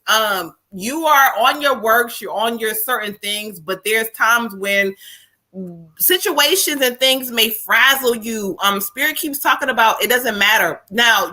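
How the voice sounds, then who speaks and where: A woman's voice: on the high side, sharp tone. A woman co-hosting a live stream, giving tarot readings with spiritual guidance in a loose, laughing, exclamatory way. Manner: laughing, exclaims "child" and "ashe". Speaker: tarot reader and co-host.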